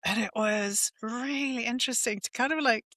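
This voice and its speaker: Middle-aged woman podcast guest, lively and laughing, crisp bright voice. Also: fairly high pitch, normal speed, no room sound. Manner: animated storytelling, laughs often between phrases. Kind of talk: casual conversation.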